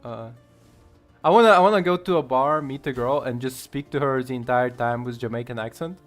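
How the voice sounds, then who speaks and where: A man's voice: mid-range voice, brisk, faint music behind. A man from Ukraine with a Ukrainian accent, rambling through casual gameplay commentary, chuckling and swearing often. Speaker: gamer streamer.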